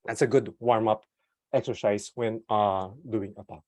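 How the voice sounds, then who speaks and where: A man giving an online talk about product management through a desktop microphone. He speaks casually with fillers and light laughs, swings widely in pitch and loudness, and uses deliberate pauses and slowdowns. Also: steady tone, no room sound. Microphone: desktop USB microphone.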